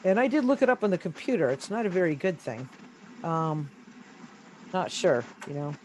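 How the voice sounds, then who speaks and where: A woman's voice: on the low side, expressive, a little mellow, slight background noise, rough recording. Hesitant woman telling her story on a video call. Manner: hesitant, halting, repeats words when searching. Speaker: interview guest. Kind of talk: casual first-person storytelling.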